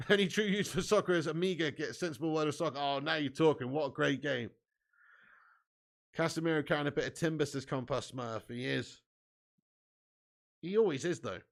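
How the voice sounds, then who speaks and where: A man hosting a live football watch-along, excitably commentating and reading out viewer comments with casual swearing. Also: fairly high pitch, a little fast, gravelly, pauses often.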